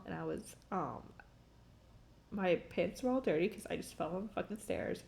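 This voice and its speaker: A woman's voice: medium pitch, creaky. A young adult woman telling a story in a casual, rambling way, laughing often and filling her talk with "like" and "um" while she streams.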